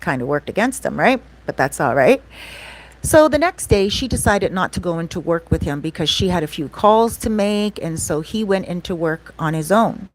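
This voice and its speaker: Chatty woman vlogger, lowish voice. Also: animated, moderate pace. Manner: chatty, often asks "right?" and says "like". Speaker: vlogger telling a story. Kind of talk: casual storytime chat.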